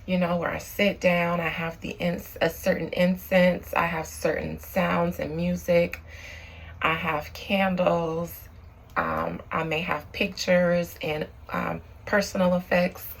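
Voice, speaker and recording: A woman medium speaking in a slow, unhurried rhythm, her lowish voice carrying a gravelly edge. She leads a spiritual channeling session with solemn invocations and earnest reflection. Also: rough recording. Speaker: psychic medium.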